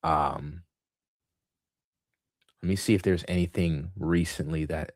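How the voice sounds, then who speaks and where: Hiccuping as he goes, a man with a very deep, low, darkish voice hosts a casual market livestream, thinking aloud in a rambling way full of fillers and restarts. He speaks slowly and steadily with long pauses. The audio is dry and close, with hardly any room around it.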